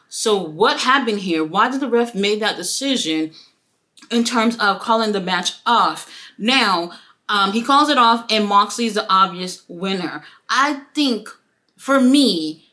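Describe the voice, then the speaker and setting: A woman giving a casual, profane wrestling review, acting out the quotes. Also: medium pitch. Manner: animated, profane, acts out quotes.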